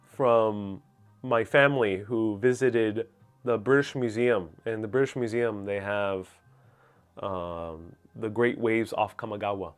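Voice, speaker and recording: A young man with a Nuyorican accent from Queens, answering viewer questions in a relaxed, rambling way with plenty of fillers. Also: fairly low pitch, slow pace, clean tone, soft background music. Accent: New York Puerto Rican, Queens. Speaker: host. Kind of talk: casual livestream Q&A.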